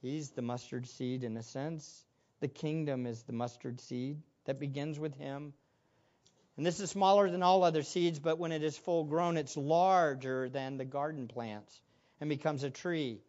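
A man's voice: fairly high pitch, measured pace, a little mellow. Male pastor, sermon delivery, earnest with rhetorical questions, dull lo-fi audio.

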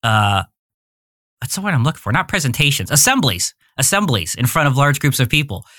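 A man's voice: medium pitch, very animated, brisk, bright, forceful tone, no room sound, studio quality. A man in his forties, a podcast guest telling his story in a candid, rambling way and often searching for words. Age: 40s. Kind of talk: casual interview storytelling.

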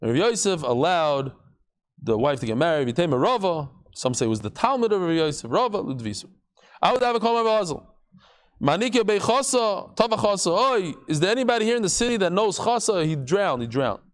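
Lively, high-pitched male Talmud teacher, playing out stories in class. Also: fairly quick. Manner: animated, acts out quotes with shifting voices and jokes.

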